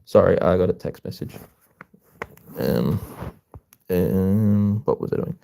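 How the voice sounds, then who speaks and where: A man chatting casually with his viewers on a live stream. He talks in a relaxed way with plenty of filler ums. His voice sits low, gravelly and dark. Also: slow. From Australia.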